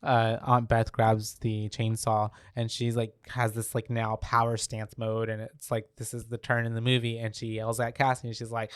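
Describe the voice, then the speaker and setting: A man's voice: medium pitch, monotone, normal speed, few pauses, smooth, no room sound, studio quality. A man co-hosting a podcast, recapping a film in loose casual chat, swearing freely and filling gaps with "um" and "like".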